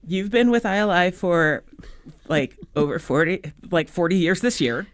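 A man's voice: sits high, animated, normal speed, a bit bright. A man hosting a public radio show, introducing segments and asking questions in a conversational way.

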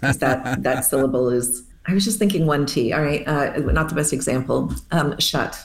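A woman explaining language patiently in a relaxed chat, laughing easily. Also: a bass voice, normal speed, reverberant. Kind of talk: conversational radio explainer.

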